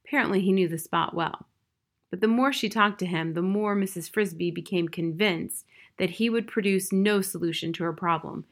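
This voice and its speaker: A woman's voice: fairly low pitch, moderate pace. Woman reading a children's book aloud. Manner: steady, plain storytelling. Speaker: narrator.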